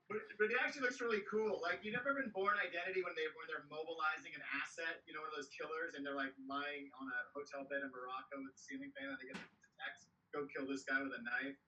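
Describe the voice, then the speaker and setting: A man's voice: fairly high pitch, steady tone, fast, few pauses, pushed and bright, highs cut off. A man in his thirties doing a stand-up comedy set from his home office over a video call, rambling with self-deprecating asides. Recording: distant, noisy video call audio.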